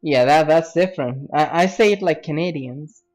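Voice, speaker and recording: A man's voice: a little high, normal speed, a little mellow, faint music behind. A man streaming a game and chatting casually with friends over voice chat, teasing and laughing often.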